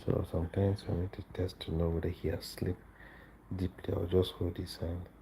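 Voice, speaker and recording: A tired man chats quietly with his viewers late at night while holding his baby. His voice is very low and mellow, with a gravelly edge. He speaks unhurried and weary, and a faint background hum sits behind him. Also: little pitch movement, poor audio. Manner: soft-spoken, slow and weary, talking to viewers and his baby. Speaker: vlogger father live streaming. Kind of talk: casual late-night livestream chat. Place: home at night.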